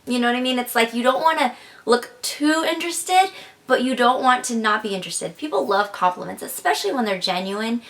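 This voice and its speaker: Young woman vlogging advice, kinda high voice, lots of likes and kindas. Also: expressive, brisk, fairly bright tone. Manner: chatty, filler-heavy with frequent "like" and "kinda". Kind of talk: casual advice vlog.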